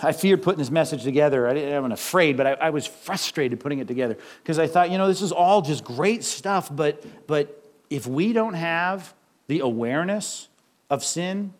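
Middle-aged male pastor, high voice, animated sermon delivery, lots of rhetorical questions. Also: normal speed.

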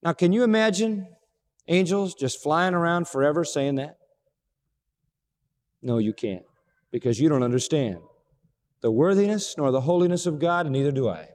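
A man preaching a sermon with a dramatic delivery. He acts out quoted dialogue and swings from hushed low passages to ringing high exclamations. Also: moderate pace, pauses often. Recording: long hall reverb.

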